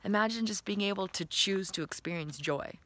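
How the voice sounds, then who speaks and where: A woman's voice: mid-range voice, fairly quick, a bit bright. A woman giving an enthusiastic, playful motivational talk to camera as a self-help vlogger. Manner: enthusiastic, breathy and playful, laughing often.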